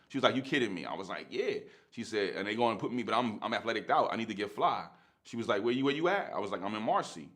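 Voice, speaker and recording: A man, telling a story in casual, slangy street talk and laughing often. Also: deep voice.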